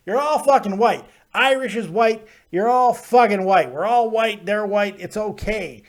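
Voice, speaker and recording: A man hosting a live call-in show, talking in a loud, blunt and profane way and laughing often. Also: high-pitched, expressive, unhurried, few pauses. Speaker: host of a wrestling call-in show. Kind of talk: casual live call-in chat.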